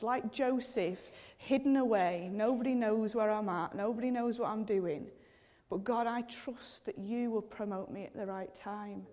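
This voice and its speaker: A woman's voice: medium pitch, measured pace, hardly any pauses, dark tone. A woman in her thirties preaching a sermon in an earnest, conversational way, often addressing God directly and using casual fillers. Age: 30s.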